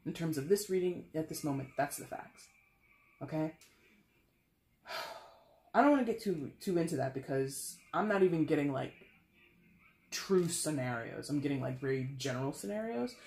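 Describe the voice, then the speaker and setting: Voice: medium pitch, lively intonation, normal speed, a little mellow. A tarot reader giving a casual, frank reading to camera, sighing often and swearing now and then. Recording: echoey room with faint ambience.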